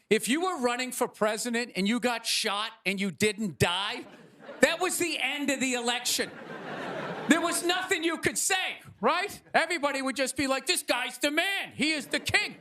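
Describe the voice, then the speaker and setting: A male stand-up comedian doing a sarcastic, ranting set on stage, with loud bursts. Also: very high-pitched, lively intonation, normal speed. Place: comedy stage before a live audience. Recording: live club recording with audience laughter and noise.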